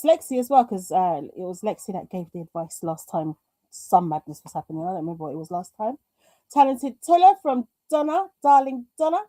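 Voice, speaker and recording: A fairly high, mellow female voice, recorded without echo. She is a British craft streamer chatting casually on a live broadcast, reading viewers' comments aloud and talking herself through technical hiccups.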